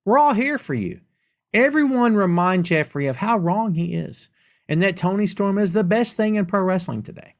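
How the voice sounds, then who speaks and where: A man's voice: high voice, lively intonation, moderate pace. Man hosting a casual chat show. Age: middle-aged. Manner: reads viewer comments aloud and reacts with playful sarcasm. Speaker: podcast host answering audience questions. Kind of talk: casual live-stream chat.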